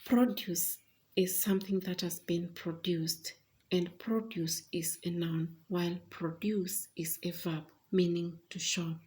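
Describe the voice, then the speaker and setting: A woman teaching an English pronunciation lesson, explaining deliberately with frequent pauses and fillers. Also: lowish voice, flat delivery, darkish tone.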